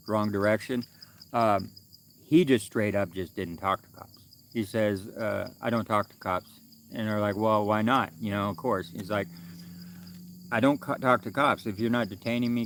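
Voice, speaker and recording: A man's voice: on the low side, slight background noise. Rambling man on an outdoor night stream. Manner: rambling, loose, full of fillers and restarts. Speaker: livestream vlogger. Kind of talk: casual livestream chat.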